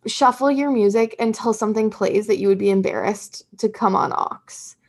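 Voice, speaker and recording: A woman's voice: medium pitch, normal speed, darkish tone. A young woman co-hosting a podcast, chatting and gushing about pop culture with frequent laughs. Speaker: podcast co-host. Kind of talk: casual pop culture chat.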